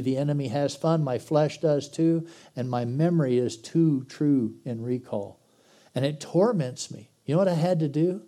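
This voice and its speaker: Mellow, folksy man preaching. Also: mid-range voice. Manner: folksy and blunt, swinging between loud exhortation and quiet intensity. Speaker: pastor. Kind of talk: sermon.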